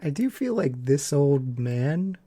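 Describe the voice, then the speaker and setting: A man's voice: a little high, very animated, slow pace, mellow, husky. A man co-hosting a movie podcast, giving wry, thoughtful opinions in casual talk. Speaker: podcast co-host.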